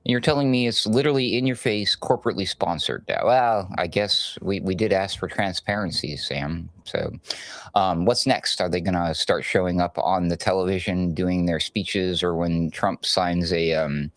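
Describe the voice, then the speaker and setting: A man's voice: deep voice, no room sound. A man co-hosting a casual political commentary chat, sarcastic and joking as he muses. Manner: sarcastic, joking, drawn-out musing. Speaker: co-host.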